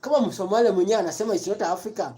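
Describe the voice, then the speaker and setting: Fired-up commentator, mellow voice. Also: mid-range voice, rapid-fire. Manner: repetitive, emphatic, rhetorical questions. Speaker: live-stream commentator. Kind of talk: impassioned political rant mixing Swahili and English.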